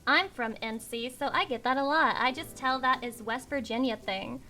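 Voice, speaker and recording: A woman's voice: sits high, normal speed, sharp tone, faint music behind. A young adult woman streaming live, bantering with chat in a brash, swearing way. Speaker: VTuber streamer.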